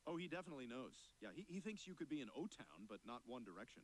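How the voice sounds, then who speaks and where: An actor voicing a wisecracking, self-serving adult talking dog with a sardonic, wheedling manner. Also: male voice, mid-range voice, very animated, racing.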